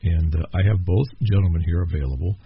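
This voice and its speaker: A man with a very deep, gravelly voice hosts a radio interview show. He talks in a loose, easygoing way, pausing on fillers. The recording is slightly muffled, with a faint hiss behind him. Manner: relaxed, rambling with fillers. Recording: dull lo-fi with faint noise.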